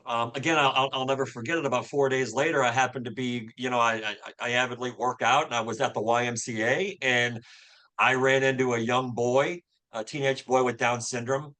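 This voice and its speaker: Earnest, bright-voiced man in his fifties. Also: medium pitch, fairly even intonation, normal speed. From Louisville, Kentucky. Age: 50s. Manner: earnest, faith-filled, with frequent filler words and repeated restarts. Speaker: podcast guest. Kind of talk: personal storytelling in a casual interview.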